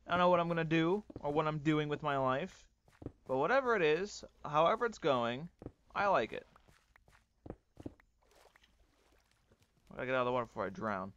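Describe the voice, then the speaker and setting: A man doing excitable, swearing let's play commentary, ranting and often breaking into yells. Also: a little high, muffled recording. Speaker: gaming YouTuber.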